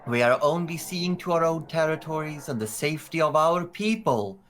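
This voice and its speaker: A regal woman headmaster addresses a crowd in a slow, grand, formal manner, as a man puts her on. The voice sits well above his own, stately and measured. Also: a little high, expressive, fairly bright tone, a little hiss or hum, pitched above the performer's own voice. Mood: proud.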